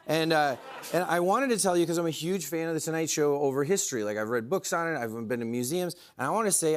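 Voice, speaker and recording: Rambling comedian with a higher voice. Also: male voice, expressive, fast talker. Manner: rambling and self-deprecating, with many fillers. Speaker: guest comedian. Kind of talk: talk-show storytelling.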